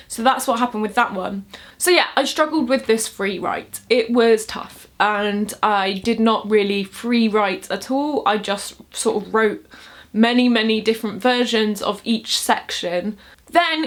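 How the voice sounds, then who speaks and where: A woman's voice: on the high side, fairly bright tone. A young woman casually explaining how she writes sonnets, chatty and upbeat, with laughs between points. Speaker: poetry tutorial vlogger. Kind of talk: casual instructional talk.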